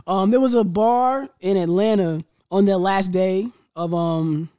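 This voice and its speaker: A man co-hosting a podcast in casual chat, animated and joking as he tells stories, often laughing. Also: high-pitched, unhurried, smooth, no echo, studio quality. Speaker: podcast co-host.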